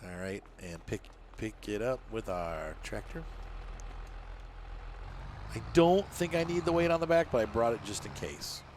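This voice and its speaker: A man's voice: on the low side, sing-song, unhurried, a little mellow, slight background noise. A man hosting a casual let's-play, chatting and joking as he narrates each move in the game. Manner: chatty and jokey, narrating his own moves. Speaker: gaming channel host.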